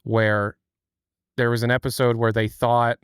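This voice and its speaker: A man's voice: medium pitch, level tone, unhurried, clean tone, dry recording, clean studio sound. A man hosting a casual live stream, rambling and chatting with lots of fillers. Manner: rambling, laughing, filler-heavy. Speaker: streamer host.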